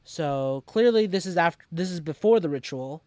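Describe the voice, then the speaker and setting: A man's voice: a little high, lively intonation, normal speed, a little mellow, no echo, studio quality. A man co-hosting a casual podcast, recapping an episode with many fillers and restarts. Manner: rambling, lots of fillers and restarts. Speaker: podcast co-host.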